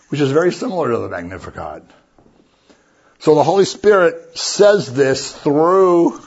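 A man's voice: medium pitch, darkish tone, breathy edge. A man preaching a sermon as a pastor, conversational and joking as he retells the story. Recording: dull lo-fi recording.

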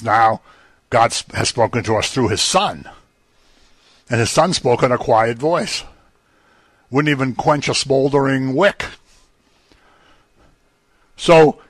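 Guy pastor giving a sermon, chatty teaching vibe, punches up key lines, mid pitch, dry close mic. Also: a bit bright, no echo. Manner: conversational teaching, rising emphatically on key phrases.

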